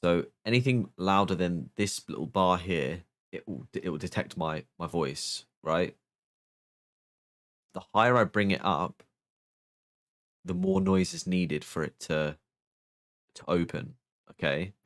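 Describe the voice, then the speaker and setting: Low-voiced man testing his mic. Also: very animated, unhurried, pauses often, a bit bright, no room sound. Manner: thinking aloud, explaining settings step by step. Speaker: streamer. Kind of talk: casual mic test chat. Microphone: new microphone, close up.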